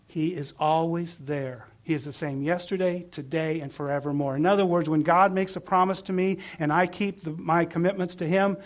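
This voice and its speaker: A pastor preaching a sermon, earnest and asking the congregation questions. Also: male voice, a little high.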